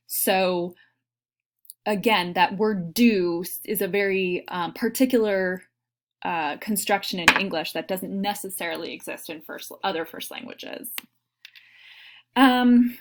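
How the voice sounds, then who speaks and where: A woman instructor talks through a recorded lesson in an explanatory way, pausing often on ums. Her voice sits at an ordinary middle pitch for a woman, and she models sample learner sentences as she goes. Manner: explanatory, many ums, demonstrates learner errors. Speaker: teacher trainer. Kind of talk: recorded lecture.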